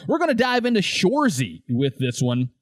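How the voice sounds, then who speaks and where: His voice sits high and swings hugely in pitch at a moderate pace, with no room sound. He's co-hosting a relaxed podcast about a TV show, often laughing as he recounts favorite scenes and dramatizes quoted lines.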